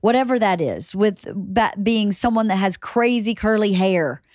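A woman's voice: medium pitch, animated, a little slow, dry recording, clean studio sound. Chatty woman in her fifties hosting. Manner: warmly agreeing, chatty. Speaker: podcast host. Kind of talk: casual conversation.

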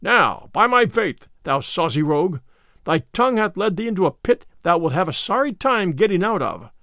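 A man voicing a bold, blustering outlaw who speaks loud old-fashioned English. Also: sits high, big pitch swings, normal speed, no echo, studio quality, full character voice. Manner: loud, blustering archaic speech.

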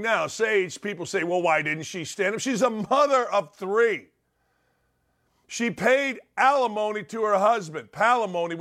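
A man's voice: high-pitched, a bit bright. A middle-aged man hosting a talk show, giving opinionated commentary in punchy, repetitive short sentences.

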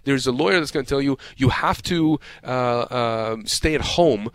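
A man's voice: medium pitch, normal speed, a bit bright, clear, resonant tone, no echo. A man who works as a lawyer, giving advice on a radio show in a passionate, emphatic way and often repeating words. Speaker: personal injury lawyer as guest. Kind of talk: radio call-in advice talk.

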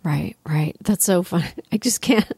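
Low-voiced, amused woman interviewer. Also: measured pace, a little mellow, husky. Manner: amused, reactive, laughs often. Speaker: interviewer host. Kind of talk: casual interview chat.

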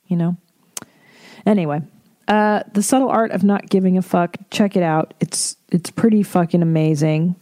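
Mom hosting a podcast solo, mellow voice, blunt and sweary, keeps it casual. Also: female voice, fairly low pitch, moderate pace. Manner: candid, profane, animated storytelling. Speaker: podcast host; mother.

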